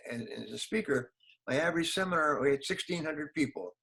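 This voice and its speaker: A man's voice: on the high side, expressive, brisk, vocal fry, pushed and bright, low-quality recording. An older man, a motivational speaker, answering interview questions in an emphatic way, repeating key phrases and acting out quotes.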